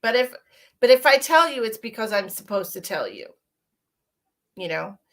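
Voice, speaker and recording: A woman's voice: fairly high pitch, animated, normal speed, a bit bright. A middle-aged woman, chatting casually and rambling on a live stream as a psychic medium, giggly and affectionate with her viewers.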